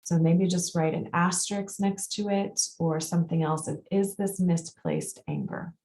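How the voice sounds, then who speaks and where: A woman facilitator leading a group through a guided release exercise, speaking calmly and repeating her prompts with pauses. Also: lowish voice, a little hiss or hum. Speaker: workshop facilitator and coach. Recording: echoey room sound.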